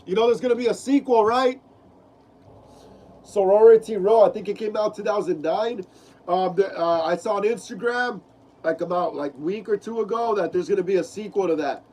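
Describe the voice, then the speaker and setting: A man with a fairly high voice hosts a casual live stream, reading out viewer comments. He is sick, and his clogged nose gives everything he says a stuffy, nasal sound. His delivery is loose and slangy, full of repeated phrases and "bro.". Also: moderate pace, darkish tone, low-quality recording. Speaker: live-stream host of a horror film channel.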